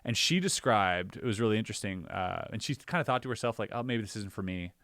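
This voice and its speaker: Animated man telling a story, dry sound. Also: lowish voice, fast talker, no room sound. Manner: animated, acts out his own reactions, many fillers. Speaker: podcast guest or co-host. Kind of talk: casual storytelling conversation.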